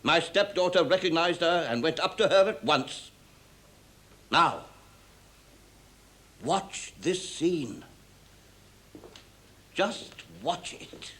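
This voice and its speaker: Stage drama, an impassioned, eloquent father, lively pitch, fairly high voice. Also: slow, long pauses. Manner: earnest, pleading, grandiloquent. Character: intense, eloquent father figure, a man arguing passionately.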